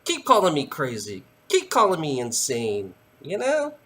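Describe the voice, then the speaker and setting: A man ranting straight to camera, heated and profane. His voice sits a little high and swings widely up and down. The tone is bright and forceful, and he keeps circling back to the same phrases. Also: wildly swooping pitch, unhurried. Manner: heated, profane, repeats "you know" often.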